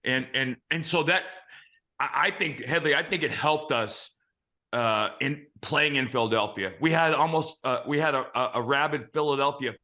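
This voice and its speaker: Male host, 50s, ex-pitcher; bright, forceful tone; blunt, profane anecdotal storyteller. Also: normal speed. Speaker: host, former big-league pitcher. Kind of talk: casual storytelling chat.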